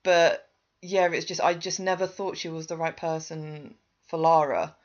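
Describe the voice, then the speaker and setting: An English man co-hosting a podcast, talking in an animated, exasperated way as he criticises. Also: fairly high pitch, normal speed, lo-fi sound. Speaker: podcast co-host. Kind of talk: casual chat.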